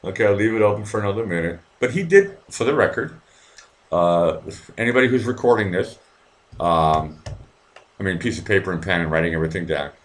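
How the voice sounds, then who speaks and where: A man's voice: deep voice, expressive, fairly quick. A man from Boston hosting a live call-in show from his apartment at night, rambling and swearing with lots of restarts. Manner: rambling, profane, many restarts. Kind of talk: casual live-stream talk with callers.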